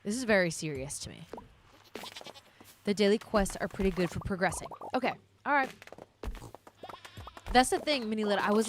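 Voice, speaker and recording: A woman's voice: mid-range voice, a little hiss or hum. Chatty young woman gaming vlogger. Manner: chatty, rambling, talks to viewers. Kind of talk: casual gameplay commentary.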